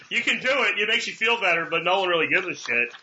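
A man's voice: high-pitched, animated, fairly quick, highs cut off, noisy background. A man hosting a podcast interview, talking in a casual, blunt way. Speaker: podcast host.

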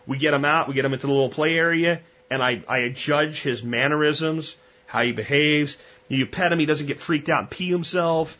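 A man's voice: a little high, normal speed, bright, forceful tone, dull audio. A man hosting a podcast, talking bluntly and conversationally with frequent restarts. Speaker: podcast host. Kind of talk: casual monologue.

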